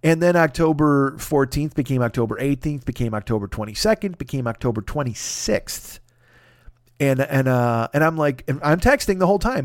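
Brief: male podcast host, lively comic storyteller, swears freely, dry close sound. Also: medium pitch, normal speed, dry recording. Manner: animated, profane, self-deprecating. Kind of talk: comedic storytelling monologue.

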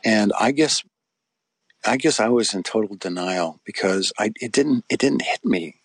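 Speaking at moderate speed with a breathy edge, a middle-aged man in an interview tells a personal story in an expressive, lowish voice. The recording has no echo, and he rambles conversationally, restarting often.

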